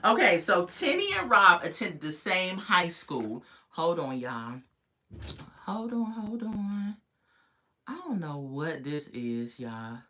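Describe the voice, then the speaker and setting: A woman's voice: fairly low pitch, big pitch swings, slow pace, bright, forceful tone. A young adult woman from the United States hosting a live review stream, chatty, greeting viewers in the chat and laughing often. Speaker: host of a live reality-show review stream. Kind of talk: casual livestream commentary.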